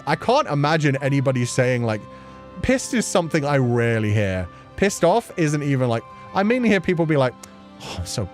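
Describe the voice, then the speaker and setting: A man with a mid-pitched voice chats casually on his livestream, answering viewers' questions. He sounds playful and laughs easily, and his pitch swings up and down a lot. Quiet music plays faintly behind him. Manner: chatty and playful, laughing often between thoughts. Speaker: streamer. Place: at home.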